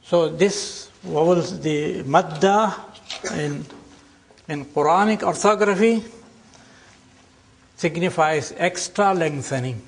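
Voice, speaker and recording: An older man teaching a classroom lecture, explaining slowly and deliberately and drawing out example words. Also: a little high, creaky.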